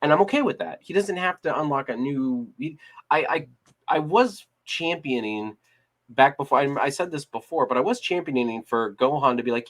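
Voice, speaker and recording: A man's voice: medium pitch, lively intonation, normal speed. Rambling male podcast co-host. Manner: rambling, many restarts and fillers. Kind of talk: casual chat.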